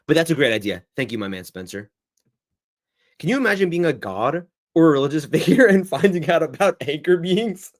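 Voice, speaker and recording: A young man hosting a casual livestream Q&A, rambling and reacting to the chat in a lively, chatty way. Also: a little high, a little fast. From United States. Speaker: livestream host.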